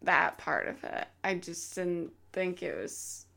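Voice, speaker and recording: Woman, podcast guest, slow talker, bright voice, dry casual chat. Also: fairly low pitch, big pitch swings, gravelly. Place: podcast studio.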